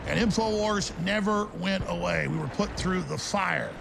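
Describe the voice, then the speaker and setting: Male talk radio host, gravelly and high-pitched, bombastic ranting delivery, music under the voice. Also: moderate pace, background noise.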